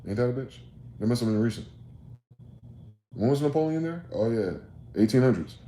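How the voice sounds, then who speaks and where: A man hosts a solo rant, hurling profane, combative rhetorical questions in a mellow, medium-pitched voice with lively intonation and a fairly quick pace. The room echoes, and there's faint background noise.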